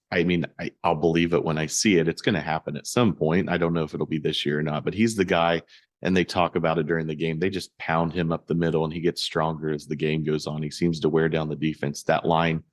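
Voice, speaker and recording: A man co-hosting a casual sports podcast, talking in a halting way with many fillers and restarts. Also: rumbling low, steady tone, no room sound, clean studio sound. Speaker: podcast co-host.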